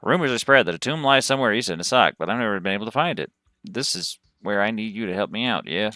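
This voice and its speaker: A man's voice: lowish voice, animated, fast, sharp tone, dry recording. A man voicing a folksy, earnest cowboy quest-giver man in a video game, reading his lines aloud with a put-on cowboy drawl.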